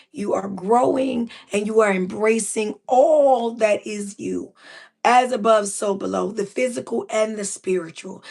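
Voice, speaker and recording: A woman's voice: a little high, gravelly. A woman hosting a reflective spiritual talk, speaking earnestly and often repeating words as she restarts her sentences. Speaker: podcast host.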